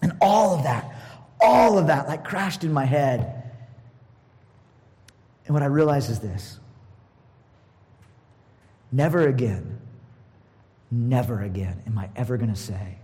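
A middle-aged man preaching a personal sermon as a pastor, expressive and laughing, moving between loud bursts and hushed asides. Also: mid-range voice, takes it slowly, long pauses. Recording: long hall reverb.

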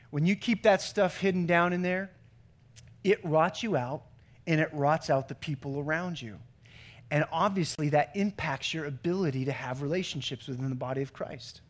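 A man with a high voice preaching a sermon. He talks conversationally, slipping in jokes and stories between his points. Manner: conversational preaching with joke-telling asides. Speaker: pastor.

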